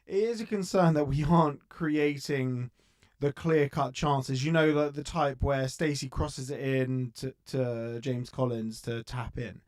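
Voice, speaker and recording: A man's voice: medium pitch, fairly even intonation, a little slow, a little mellow. A man co-hosting a casual football fan podcast, chatty and joking, with lots of restarts and fillers. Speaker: podcast co-host.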